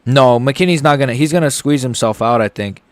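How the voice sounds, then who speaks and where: A young man hosting a livestream, giving live fight reaction commentary in a rambling, excitable way, swearing and swinging from mumbles to shouts. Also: medium pitch, a little fast, no room sound. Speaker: livestream host.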